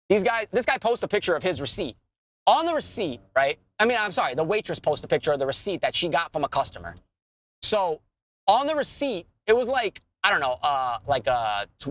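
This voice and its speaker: Animated, swearing man ranting. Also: on the high side. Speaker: podcast co-host. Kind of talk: casual profane chat.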